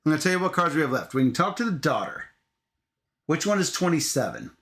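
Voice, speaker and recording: A man co-hosting a casual board game playthrough, animated and chatty, reading cards aloud. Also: on the high side, quick pace. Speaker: co-host of board game videos.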